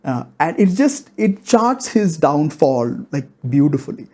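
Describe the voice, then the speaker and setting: A man's voice: fairly high pitch, very animated, measured pace, warm tone. A man giving a casual movie review, rambling and filling his talk with "like" and "you know".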